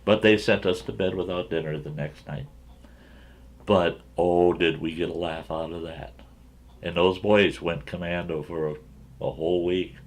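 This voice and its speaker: A folksy male storyteller with a gravelly, fry-heavy voice that sits fairly low. He rambles through a yarn and chuckles along the way, talking to his viewers like old friends. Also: steady tone, normal speed. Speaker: storyteller, channel host.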